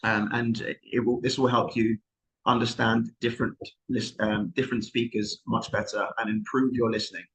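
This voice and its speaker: A man's voice: medium pitch, flat delivery, normal speed, fairly bright tone, rough recording. A man from South England with a London accent, giving an unscripted online lesson as an exam tutor. He explains things at length in an encouraging way, often restarting his sentences.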